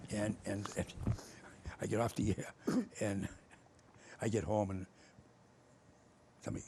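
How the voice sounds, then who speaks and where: An older man, telling stories in casual conversation and acting out both sides of old arguments with lively energy. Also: fairly low pitch, normal speed, long pauses, slight background noise. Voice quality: gravelly, husky. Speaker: former state official telling stories.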